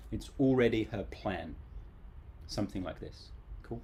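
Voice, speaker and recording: A man's voice: lowish voice, unhurried, darkish tone. A man teaching English grammar in a casual, playful live online class.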